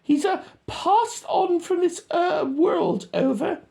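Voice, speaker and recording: A man voicing a young male soldier radioing his base, in a high strained put-on voice that halts with frequent pauses. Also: gravelly, darkish tone, heavily acted. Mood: hesitant. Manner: halting, full of uh pauses.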